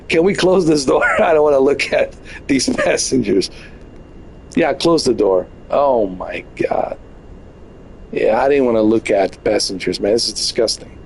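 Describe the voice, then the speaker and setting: A man streams a flight game from his bedroom, chatting casually at a middling pitch. He jokes constantly, grumbling in overblown mock complaint. A faint hiss sits behind him. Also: expressive, unhurried, vocal fry, rough recording. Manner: joking, exaggerated mock complaints with laughs. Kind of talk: casual live gameplay commentary. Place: bedroom at home.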